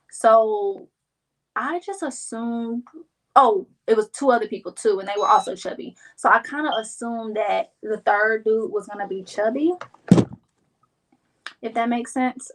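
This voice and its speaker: A young woman from Kansas City chatting casually to her viewers, telling a story and acting out her friends' lines in a higher voice. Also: rough recording. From Kansas City, Missouri. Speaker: vlogger. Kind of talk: casual storytelling while crafting.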